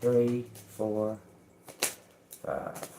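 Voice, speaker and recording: Slow-talking profane woman tarot reader. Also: rumbling low, level tone, noisy background. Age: older. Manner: slow, profane, confrontational, laughing. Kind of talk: live-stream tarot reading.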